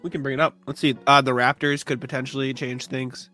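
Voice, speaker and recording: A sniffly man co-hosting a casual sports chat, talking in a halting way and clearing his throat often. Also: mid-range voice, flat delivery, bright, forceful tone, soft background music. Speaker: co-host of a sports talk stream.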